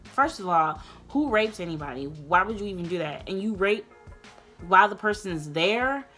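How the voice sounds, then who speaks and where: A woman's voice: mid-range voice, animated, normal speed, soft background music. Earnest young woman telling her story. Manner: earnest, emotional, gets loud and passionate; loose, rambling, many restarts. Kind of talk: candid personal storytime.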